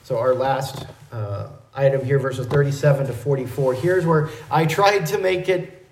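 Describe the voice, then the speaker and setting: Man preaching in an echoey room. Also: medium pitch. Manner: measured, explanatory teaching delivery. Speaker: pastor. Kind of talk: expository sermon.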